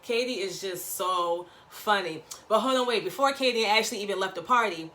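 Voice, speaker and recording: A woman recapping a reality show in a gossipy, slangy, animated chat, acting out quotes. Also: mid-range voice, brisk.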